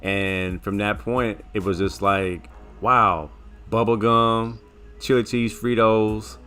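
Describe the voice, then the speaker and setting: Low bright-voiced guy, rambling sports show story, faint music underneath. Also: takes it slowly, smooth. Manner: rambling, animated, repeats words while recounting. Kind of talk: casual storytelling chat.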